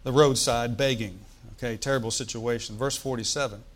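A male pastor delivers a lively sermon, calling out to his congregation for responses. He swings from loud, rising bursts to quiet, low asides, and his voice sits at an ordinary pitch for a man. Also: fairly quick. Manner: energetic preaching, calls for congregation response, swings between loud and soft.

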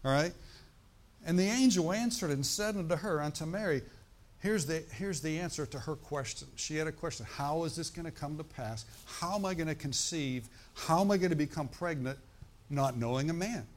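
A man preaching a sermon in a conversational way, often asking his congregation "right?" and "amen?", slowing down to stress scripture. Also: fairly high pitch. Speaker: pastor.

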